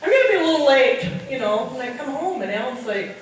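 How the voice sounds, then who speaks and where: A woman's voice: on the high side, fast. A middle-aged woman tells nursing stories as stand-up comedy, acting out the people in them. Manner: animated, acts out voices of people in her stories. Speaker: nurse telling comic stories. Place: party hall, heard from far off. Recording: distant echoey hall recording with noise.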